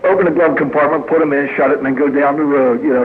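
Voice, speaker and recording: Here a priest tells folksy stories at a recovery meeting, mixing in jokes and acted quotes for a live meeting-hall audience in a humorous speaker talk. His voice sits a little high, with fairly even intonation and a quick pace. The sound is narrow and tinny, and background noise is present.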